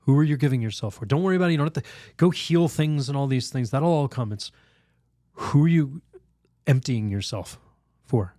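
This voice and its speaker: Animated storytelling man, dry close sound. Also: medium pitch, no room sound. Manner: animated, laughs often, acts out quoted voices; halting restarts and fillers. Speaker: priest guest. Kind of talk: storytelling in a podcast interview.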